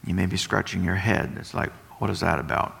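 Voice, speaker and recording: A man's voice: sits low, a little fast, vocal fry, fairly bright tone, husky. A man preaching a sermon, explaining and repeating points for emphasis. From West Texas. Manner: explanatory, emphatic teaching with repetition. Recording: long hall reverb.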